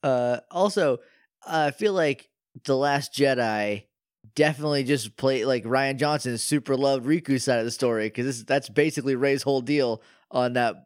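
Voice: medium pitch, normal speed, dry recording, clean studio sound. A podcast co-host in casual chat about a video game, sarcastic, swearing freely and making jokey outbursts.

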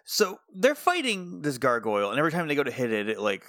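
A man co-hosting a podcast in a relaxed, wry way, laughing often. His pitch moves around a lot as he jokes. He sounds close to the mic, with a dry recording. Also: fast, no echo. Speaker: podcast co-host. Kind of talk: casual recap chat.

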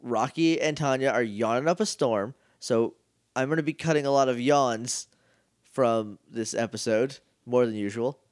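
A young man co-hosting a podcast, recapping a TV episode in casual chat and dropping into quick goofy character voices. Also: mid-range voice, no echo, studio quality. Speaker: podcast co-host.

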